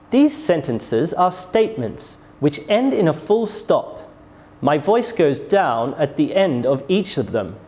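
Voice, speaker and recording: A pronunciation teacher delivers a scripted English lesson in a mid-range, darkish voice. Each model sentence is spoken with carefully exaggerated rising and falling intonation.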